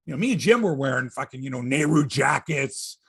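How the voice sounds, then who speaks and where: A man's voice: medium pitch, expressive, fairly quick, creaky, slightly rough. A middle-aged Canadian man hosting a sports podcast, chatting casually in a rambling, profane, wry way. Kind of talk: casual chat.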